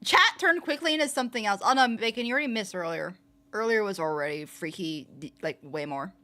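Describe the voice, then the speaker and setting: A young woman with a fairly low voice chatting casually on a livestream, playful and laughing often. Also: animated, quick pace, a bit bright. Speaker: streamer. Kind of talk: casual livestream chat reading comments.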